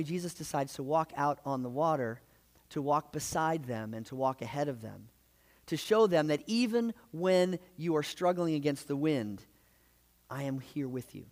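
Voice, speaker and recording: A man with a slightly higher voice delivers a sermon in a big hall, and his words trail off into a long reverb. He tells the stories casually and lively, full of asides and self-corrections, as a preacher talking to his congregation. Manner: lively storyteller, conversational with frequent asides. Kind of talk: sermon retelling gospel stories.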